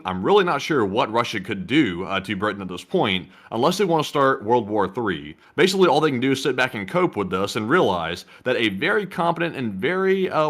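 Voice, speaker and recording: Lively, jokey male co-host. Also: medium pitch. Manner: jokey, lively delivery with fillers. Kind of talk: casual opinion commentary.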